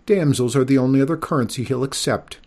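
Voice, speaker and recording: A man voicing a shrill, chatty young princess in a storybook reading, pitched up and quick. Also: dark tone, close to an everyday voice. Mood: chattering.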